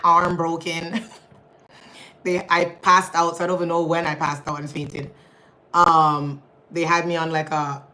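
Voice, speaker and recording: A woman's voice: sits low, sharp tone, poor audio. A young woman hosting a casual livestream, chatting with viewers and reading their comments, laughing often and calling her audience y'all. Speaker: livestream host.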